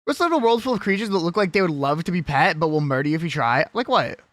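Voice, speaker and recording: Streamer, casual live chat, jokey and combative, animated delivery, dry sound. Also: mid-range voice, fast, dry recording. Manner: ranting, swearing, argumentative; rambling, jokey.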